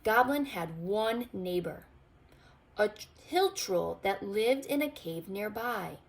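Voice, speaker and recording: Pre-k teacher lady reading a story to kids, slow and expressive, bit of vocal fry. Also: mid-range voice. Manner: expressive, slow, asks children to look. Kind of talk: storybook read-aloud to children.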